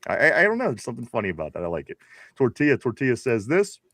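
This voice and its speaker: A man's voice: medium pitch, huge pitch swings, racing, fairly bright tone, no echo, clean studio sound. A man with a Pittsburgh accent hosting a casual live stream, reading viewer comments aloud with frequent laughs. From Pittsburgh area. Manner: laid-back, laughs often, reads chat messages aloud. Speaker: podcast host.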